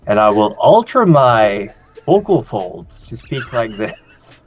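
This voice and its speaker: A man playing a character in a tabletop game, deliberately describing his actions in the first person. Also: medium pitch, big pitch swings, muffled recording. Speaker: player.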